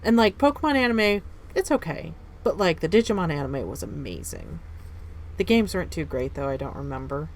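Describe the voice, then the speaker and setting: A woman in her thirties, live-streaming a game and chatting in a casual, animated way that reacts loudly to the game. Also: sits low, a little fast, slight background noise.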